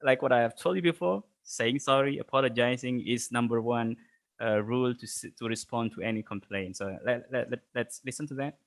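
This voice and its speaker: Halting male teacher. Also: mid-range voice. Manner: halting, many fillers and restarts, chuckles often. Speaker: English teacher. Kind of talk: online class lecture.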